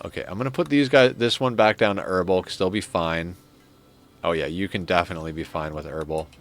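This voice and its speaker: A man's voice: sits low, brisk. A man streaming a strategy game, chatting casually and telling a rambling story at a desk microphone. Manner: rambling storyteller, laughs at his own story. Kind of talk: casual chat while playing a strategy game.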